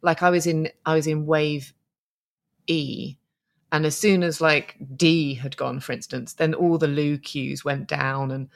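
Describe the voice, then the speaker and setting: A woman's voice: low voice, steady tone, measured pace, creaky. A woman co-hosting a podcast, chatting casually with restarts and laughs as she recounts her marathon morning. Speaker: podcast co-host, marathon runner. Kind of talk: casual chat.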